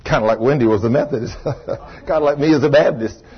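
A man preaching, telling a testimony story in a folksy, animated way and acting out the voices he quotes. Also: mid-range voice, fairly quick, husky. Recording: dull lo-fi sermon recording.

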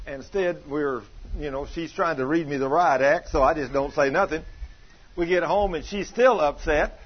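Folksy preacher man, husky voice. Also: fairly high pitch. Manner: folksy, colloquial, bursts of loud emphasis. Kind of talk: sermon with personal storytelling. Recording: dull lo-fi sound.

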